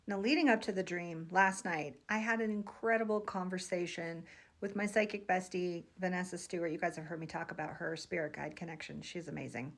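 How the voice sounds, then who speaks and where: A woman's voice: fairly low pitch, steady tone, fairly quick, a bit bright. A woman in her thirties, a psychic, telling a vivid dream to her viewers in an earnest, emotional vlog monologue. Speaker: psychic vlogger.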